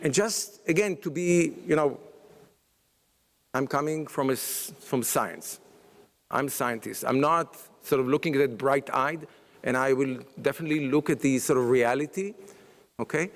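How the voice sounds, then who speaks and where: A man's voice: medium pitch, normal speed. Man speaking in an echoing hall. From Israel. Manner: hesitant, many fillers and restarts. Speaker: panel speaker. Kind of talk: conference talk. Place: conference hall. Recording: long reverb of a large hall.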